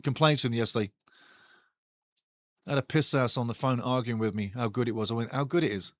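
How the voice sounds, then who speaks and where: A man hosting a live football watch-along, calling the play and reading the chat in a blunt, excitable, foul-mouthed way. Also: medium pitch, a little fast, dry recording. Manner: bursts louder at big chances.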